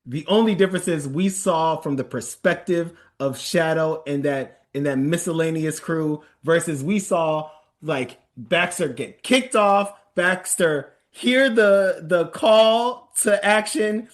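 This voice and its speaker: A man's voice: fairly high pitch, slow pace, hardly any pauses. A man hosting a casual podcast chat, running the segment in an easygoing, chuckling way. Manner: easygoing, chuckling while introducing. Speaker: podcast host moderating a bracket.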